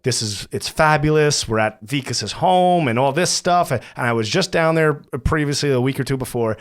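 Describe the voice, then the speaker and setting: A man hosting a casual podcast interview, telling stories in an animated way and often repeating himself. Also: mid-range voice, moderate pace, smooth. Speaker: podcast host.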